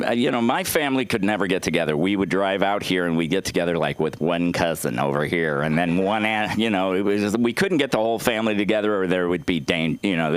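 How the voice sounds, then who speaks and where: A middle-aged man doing an open mic stand-up set on a small club stage, telling stories in a halting, rambling way full of fillers and restarts. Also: sits low, clean tone, no room sound.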